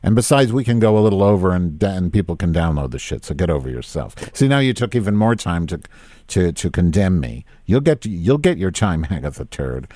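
A man's voice: sits low, big pitch swings, a little fast, mellow, no room sound. Podcast host, male, fifties, profane exasperated rant, dry close sound. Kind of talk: casual live-stream rant.

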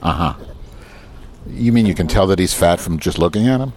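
A man hosts a podcast in loose, wired banter, teasing his co-host with a sarcastic edge. His pitch jumps and swoops all over the place. He is recording outdoors, with a faint wash of ambience behind him. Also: lively intonation, darkish tone, slight background noise. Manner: hyper, sarcastic, rapid teasing. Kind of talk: casual banter. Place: outdoors in a school parking lot.

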